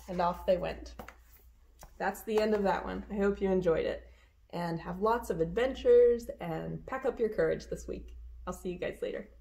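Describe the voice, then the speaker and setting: A woman hosting a virtual storytime, reading a children's picture book aloud with expressive, animated narration. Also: on the low side, normal speed, vocal fry. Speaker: storytime reader.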